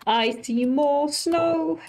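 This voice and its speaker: Slow-talking woman narrating her gameplay. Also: sits high, a little mellow, a little hiss or hum. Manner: chatty, easily startled, talks to animals and villagers. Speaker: streamer. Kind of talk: casual gameplay commentary.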